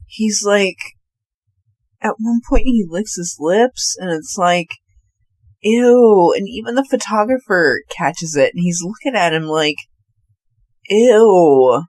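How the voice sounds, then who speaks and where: A woman co-hosting a podcast, talking at an unhurried pace in a mid-range voice. The sound is dry and close, with no room around it. She gives frank takes and is quick to voice her disgust. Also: mid-range voice, darkish tone, no room sound. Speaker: podcast co-host. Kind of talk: casual chat about a film.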